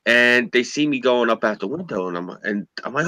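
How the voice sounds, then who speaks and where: Bright, lively man telling rambling stories. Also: mid-range voice, a little fast, hardly any pauses, no echo, poor audio. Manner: rambling anecdotes with profanity and acted-out quotes. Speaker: podcast co-host. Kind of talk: casual storytelling chat.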